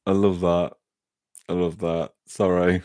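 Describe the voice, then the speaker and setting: A deep-voiced man chats casually with his live-stream audience. He rambles through personal anecdotes and often trips over and restarts his sentences. The sound is close and dry, with no room echo. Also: level tone, unhurried, darkish tone, clean tone. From England. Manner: chatty, rambling anecdotes with frequent self-restarts. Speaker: livestream host reading chat.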